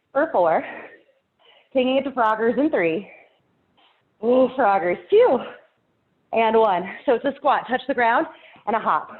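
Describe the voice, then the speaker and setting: A woman fitness instructor with a lilt, a bit out of breath, counting down reps and calling out encouragement. Her voice sits fairly high. The sound is thin and tinny, like a phone line. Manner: encouraging, counts down reps, laughs between cues. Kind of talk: live workout class cueing.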